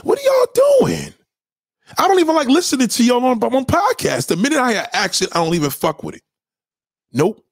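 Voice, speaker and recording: High-pitched New man ranting hard. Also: wildly swooping pitch, a little fast, slightly rough, no echo, studio quality. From New York City. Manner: profane, loud, lecturing, rhetorical questions; swings pitch widely for emphasis. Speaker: commentator. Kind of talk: heated ranting commentary.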